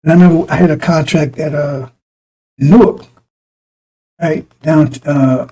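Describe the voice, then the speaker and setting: Blunt, husky-voiced preacher man. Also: on the high side, fairly even intonation, measured pace, warm tone, low-quality recording. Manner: blunt, profane, rambling, with many restarts. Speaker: preacher addressing a congregation. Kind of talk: informal broadcast sermon with personal stories.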